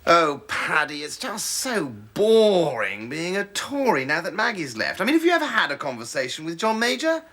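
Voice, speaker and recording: A sneering scheming Tory MP. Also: male voice, on the high side, huge pitch swings, normal speed, hardly any pauses, pushed and bright, exaggerated voice. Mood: mocking. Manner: sneering, mocking, theatrical. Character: scheming arrogant right-wing Tory MP, male, sneering. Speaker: politician. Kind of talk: sitcom acting.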